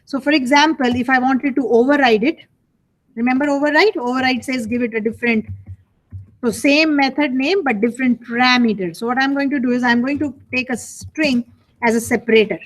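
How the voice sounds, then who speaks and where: A woman's voice: high voice, brisk. A woman teaching a college programming class in a live lecture, talking casually, repeating herself and asking the class rhetorical questions. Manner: conversational, repeats phrases, asks rhetorical questions.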